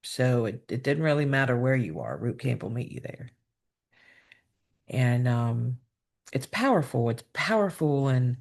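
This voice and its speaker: A man with a gravelly voice speaks slowly and casually. He pauses on fillers as he co-hosts a relationship talk. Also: mid-range voice. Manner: slow and relaxed, hesitant fillers. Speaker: relationship coach, co-host.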